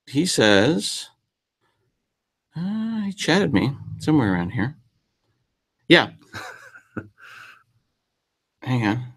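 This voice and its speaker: A man's voice: medium pitch, sing-song, extremely slow, long pauses, breathy edge. A man hosts a casual live-stream chat in a middle-range voice. He jokes and rambles, making fun of himself as he goes. He often trails off into asides. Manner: jokey, rambling, self-deprecating. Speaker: host.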